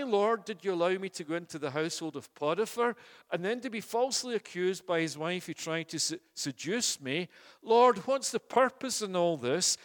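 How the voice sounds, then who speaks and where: A man's voice: high voice, voice pushed up. A preacher voices an anguished young man who throws question after question at God. The voice is raised and straining, with a long reverb trailing off in a big hall. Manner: pleading, questioning.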